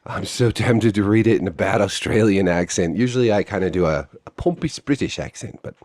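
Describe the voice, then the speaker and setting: A man's voice: fairly low pitch, a little fast, a little mellow. A man giving blunt, profane, sarcastic commentary on video games.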